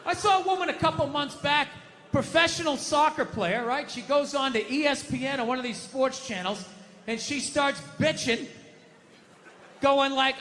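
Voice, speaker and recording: A man doing stand-up comedy, telling stories in a shouting, profane rant and putting on mock voices, on a comedy stage. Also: very high-pitched, moderate pace. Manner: animated storytelling with mock voices. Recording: echoey live venue with audience noise.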